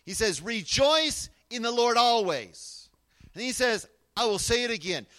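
A man preaching a sermon, swinging between loud emphatic lines and hushed, quiet asides. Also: high-pitched. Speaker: pastor.

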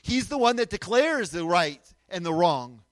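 A man preaching a sermon, emphatic, moving between loud declarations and quiet asides and asking the audience to answer back. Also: high voice, big pitch swings, measured pace, no room sound. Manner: asks the audience questions and has them repeat after him.

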